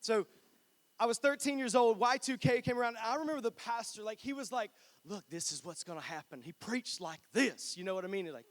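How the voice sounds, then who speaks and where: A man's voice: extremely high pitch, fairly quick. A pastor in his twenties, from North Carolina, preaching a sermon in a church in a chatty, joking, storytelling way. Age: 20s.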